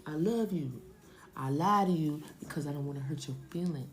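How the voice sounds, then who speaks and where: A woman's voice: deep voice, moderate pace, slight background noise, natural voice. A woman playing a sweet-talking young boyfriend. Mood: coaxing. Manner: coaxing, pleading. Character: smooth-talking young man sweet-talking his girlfriend.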